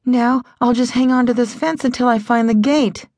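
A woman's voice: on the high side, fairly even intonation, moderate pace, a little mellow, dry recording, voice pushed up, lightly acted. A woman voicing a frightened young woman lost in a blizzard, crying out desperately. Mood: anxious. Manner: desperate, pleading cries.

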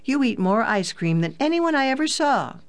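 An audiobook narrator voicing an excited young girl, the youngest of three children, who exclaims eagerly. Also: high-pitched, moderate pace, pitched above the performer's own voice. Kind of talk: audiobook character voice.

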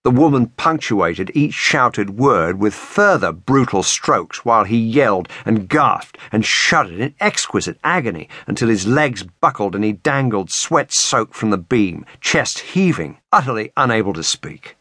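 A low-pitched man narrates a suspense audiobook with measured, expressive delivery. His pitch moves in a lively way, and the recording is dry and close. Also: breathy edge, no room sound. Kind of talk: scripted narration.

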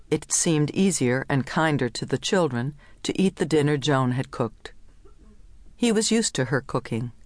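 Measured woman reading literary fiction. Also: extremely low pitch, no echo. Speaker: audiobook narrator. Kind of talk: literary audiobook narration.

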